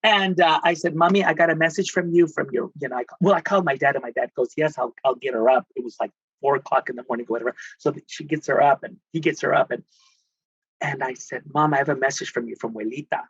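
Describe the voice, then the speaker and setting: Husky, bright-voiced man telling stories. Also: on the high side, fast talker, no room sound, lo-fi sound. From Texas. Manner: animated, theatrical, acts out quoted voices. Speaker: guest, spiritual healer. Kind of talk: emotional storytelling in conversation.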